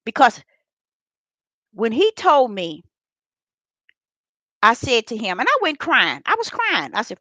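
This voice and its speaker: A woman's voice: fairly high pitch, wildly swooping pitch, slow pace, pauses often, pushed and bright, dry recording. An older woman telling a heartfelt spiritual testimony, repeating herself and speaking straight to her viewers. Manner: repetitive, heartfelt storytelling that addresses viewers directly. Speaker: vlogger sharing a personal faith testimony.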